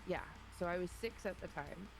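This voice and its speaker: Animated woman telling a childhood story. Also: lowish voice, brisk, music in the background, rough recording. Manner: animated storyteller, voices family members. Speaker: streamer guest. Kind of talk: casual storytelling.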